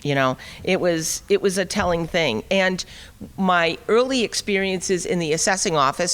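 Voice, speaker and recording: A middle-aged woman giving an animated, wry storytelling talk at a forum, acting out the dialogue as she goes. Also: fairly low pitch. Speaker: speaker at a liberty forum. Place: conference hall. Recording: long reverb of a hall.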